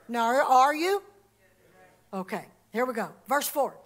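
A woman preaching a church sermon, swinging from loud emphatic calls to hushed asides. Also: sits high, animated, slow, long pauses.

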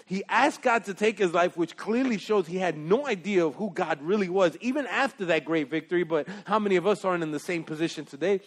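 A male preacher delivers an animated, emphatic sermon in a high voice. He swings from loud exclamations to hushed asides. His voice rings with a long hall reverb. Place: church sanctuary.

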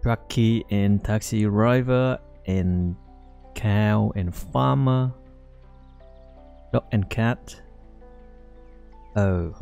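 A man giving halting, rambling commentary while playing a game, with many fillers. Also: on the low side, creaky, a little mellow, clean tone, soft background music. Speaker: let's play host. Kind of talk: casual gameplay commentary.

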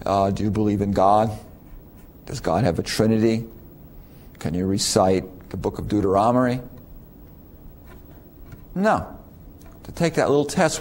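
A middle-aged man with a low voice lectures students in a loose, conversational way. He keeps firing rhetorical questions and often repeats words as he goes. A faint noise sits behind him. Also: darkish tone. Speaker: university lecturer.

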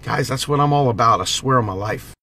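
A man's voice: medium pitch, fairly quick, pushed and bright, a little hiss or hum. A man giving an impassioned direct-to-camera monologue, preachy and urgent, repeating slogans as he rallies his viewers. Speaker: political vlogger.

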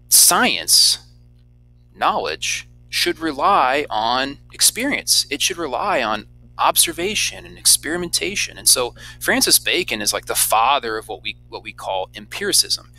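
A man teaching a recorded lecture in a lively, conversational way, often checking in with rhetorical questions. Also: mid-range voice, measured pace, vocal fry, slight background noise, low-quality recording.

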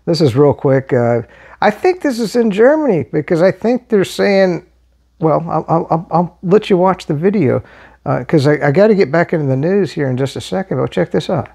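An older American man doing rambling, casual political commentary as a vlog host, halting with many fillers and restarts, blunt in tone. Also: a little high, expressive, creaky, warm tone, breathy edge. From United States.

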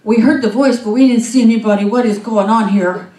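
Startled travelers, bewildered and excited, as a woman puts them on. Roomy, far mic. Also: on the high side, fairly quick, close to an everyday voice.

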